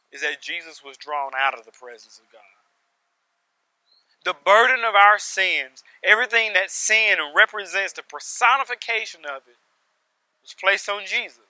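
Guy preaching, dry close sound, piles up phrases, goes loud then real quiet. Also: sits high, dry recording, poor audio. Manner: emphatic, builds with repeated phrases, swings from loud to hushed. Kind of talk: sermon.

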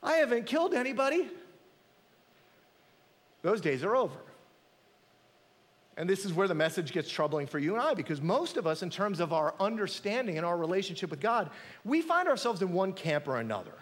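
Animated male preacher in an echoey hall. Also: high-pitched, a little fast. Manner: dramatic, emphatic preaching with quoted voices. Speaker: pastor. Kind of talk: sermon.

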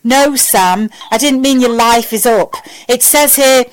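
A woman's voice: on the high side, a little slow, pitched above the performer's own voice, lightly acted, low-quality recording. A woman voicing a blunt, moody admiral. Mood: exasperated. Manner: blunt, exasperated. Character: gruff male admiral hologram, blunt and moody.

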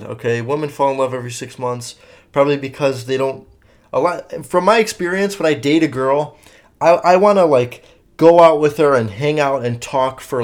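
A young man hosting a solo podcast, chatting casually and rambling with lots of fillers and swearing. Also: mid-range voice. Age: young adult. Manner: rambling and profane, many fillers. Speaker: podcast host.

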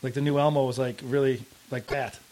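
A man's voice: mid-range voice, level tone, a little fast, a little mellow. A man chatting casually as a podcast guest, rambling with many fillers and acting out quotes in voices. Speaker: comedian guest.

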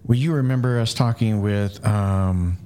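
A man with a fairly low voice hosts the interview. He asks long, rambling questions and reflects, hesitating as he goes. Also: measured pace, mellow, slight background noise. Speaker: podcast host.

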